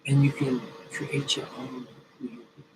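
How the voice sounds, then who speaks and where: Guy rambling self-help stuff slow, mumbles then yells chants, far off mic with noise behind. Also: medium pitch, completely flat delivery. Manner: erratic, swings from mumbled to loud bursts of chanted commands. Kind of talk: improvised motivational self-help talk. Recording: distant mic with noisy ambience.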